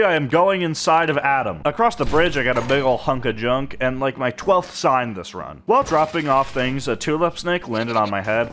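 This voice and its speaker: A young man narrates gameplay with dry, wry humor. His voice swoops up and down in a lively way at a middle pitch. A faint ambient hum runs beneath him. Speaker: gaming YouTuber.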